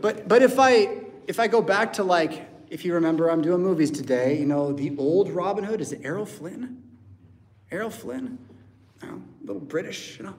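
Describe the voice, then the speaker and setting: An American man, a pastor, preaching a lively sermon in church and acting out voices and sounds. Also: high voice, normal speed. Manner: animated, acts out voices and sounds.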